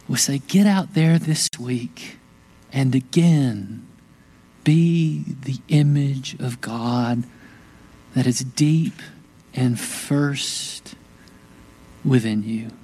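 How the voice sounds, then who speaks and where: A man preaching a sermon as pastor, slow, gentle and reflective, with long pauses. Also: mid-range voice, slightly rough, rough recording.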